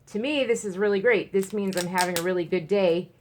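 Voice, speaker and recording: A woman's voice: mid-range voice, brisk, darkish tone. A woman talking frankly in a rambling personal vlog at home, full of fillers and restarts. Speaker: vlogger. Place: at home, indoors.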